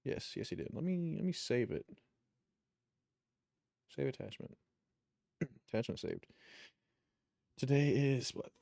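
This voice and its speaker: A man's voice: medium pitch, big pitch swings, unhurried, vocal fry, long pauses, dark tone, dry recording, studio quality. Rambling, swearing young male streamer. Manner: rambling, profane, chuckles while telling stories. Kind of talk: casual chat while gaming.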